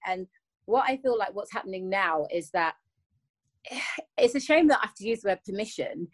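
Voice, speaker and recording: A woman's voice: mid-range voice, animated, moderate pace. Earnest woman, podcast guest. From England. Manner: earnest, circles back and repeats while searching for words. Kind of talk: reflective conversational interview.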